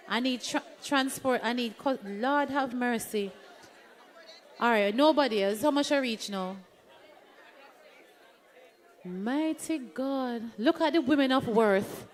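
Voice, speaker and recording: Playful Jamaican woman hosting an event. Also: a little high. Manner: playful, chatty, teasing the crowd. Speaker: event host leading an audience activity.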